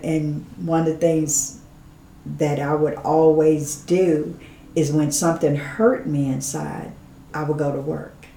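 A woman with a deep voice and vocal fry speaks slowly, giving heartfelt testimony as a guest on an interview show. Lively and full of laughter, she drops to a hush for quotes. There's a roomy sound and a little hiss or hum.

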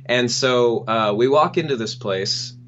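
A man's voice: mid-range voice, a little hiss or hum. A young man telling a funny personal story on a podcast, acting out the people in it and laughing now and then. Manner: animated, acts out the people in his story with quick laughs. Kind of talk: casual storytelling. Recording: dull lo-fi sound.

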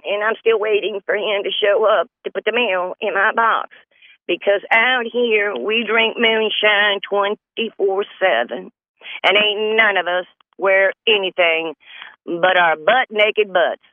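Over a dry, tinny phone-line recording, a man from North Carolina with a high-pitched voice runs his show through a rambling comedy bit. He laughs at his own jokes a lot.

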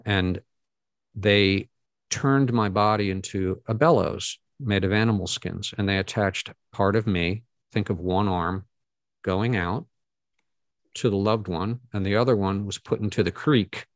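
Middle-aged guy, gravelly lowish voice, earnest storytelling w lots of ums. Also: dry recording. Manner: earnest, halting, with many fillers and restarts. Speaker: guest speaker. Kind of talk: storytelling talk to an audience.

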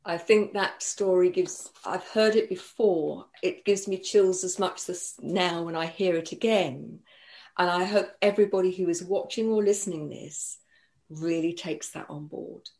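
A woman's voice: fairly low pitch, fairly even intonation, a little slow, a little mellow. A woman hosting an interview, responding in a reflective, earnest way. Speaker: host.

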